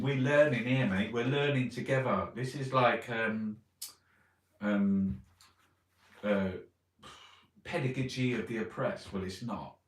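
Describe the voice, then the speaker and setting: A man's voice: mid-range voice, unhurried, recorded from a distance. A man reading newspaper headlines aloud and ranting about them in a sweary, mocking way. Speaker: vlogger reviewing newspapers. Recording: roomy echo, voice set back from the mic.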